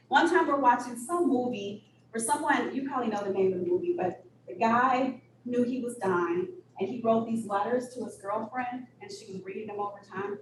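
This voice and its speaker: A woman executive director telling candid stories in an interview, blunt and animated, with sudden high-pitched bursts. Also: a little fast, few pauses. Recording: echoey room, distant mic, audible noise.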